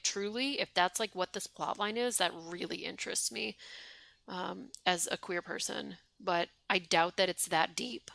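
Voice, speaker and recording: A woman's voice: fairly low pitch, sharp tone, no echo. A young woman streaming a game, chatting wryly and reading its dialogue aloud. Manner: chatty, wry, reads game text aloud.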